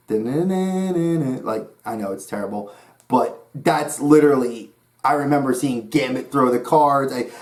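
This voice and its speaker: With a mid-range, slightly mellow voice, a YouTube host from New York rambles eagerly about cartoons. It's relaxed vlog talk on his own channel.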